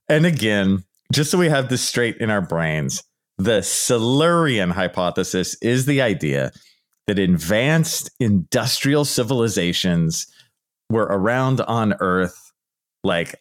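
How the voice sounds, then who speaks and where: A man hosting a solo podcast, talking in a playful, self-mocking way, now and then jumping into high mock voices. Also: lively intonation, slow. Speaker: podcast host. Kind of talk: solo comedic podcast monologue.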